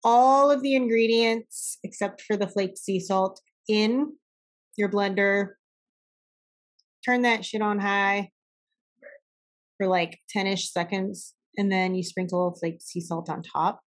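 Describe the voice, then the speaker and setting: A woman co-hosting a casual podcast, chatting easily with a friend. She talks freely and drops the odd swear word along the way. Her pitch sits in a normal middle range. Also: steady tone, slow pace. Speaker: podcast co-host. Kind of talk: casual chat.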